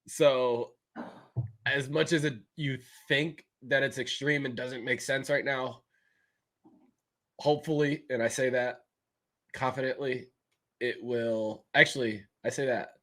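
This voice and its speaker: A man's voice: mid-range voice, a bit bright. A man co-hosting a casual discussion show, reasoning aloud and qualifying what he says. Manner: measured, reasoning aloud, qualifies his points. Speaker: podcast co-host. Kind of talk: casual chat.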